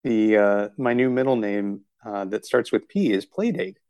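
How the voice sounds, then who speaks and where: A man co-hosting a podcast, relaxed and joking, laughing easily while he chats. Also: lowish voice, moderate pace, clean tone, no echo, clean studio sound. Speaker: podcast co-host. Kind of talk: casual chat.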